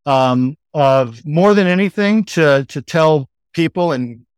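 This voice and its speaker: Fairly high-pitched and expressive, this middle-aged Texan man speaks slowly with a clean tone and no room sound. As a podcast guest who works as a sales executive, he tells his story in an easygoing, conversational way, often saying "like" and "you know."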